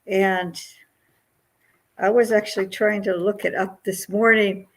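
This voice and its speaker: A Buddhist nun giving a dharma talk, who hesitates, searches for words and laughs lightly. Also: female voice, medium pitch, fairly even intonation, measured pace, low-quality recording.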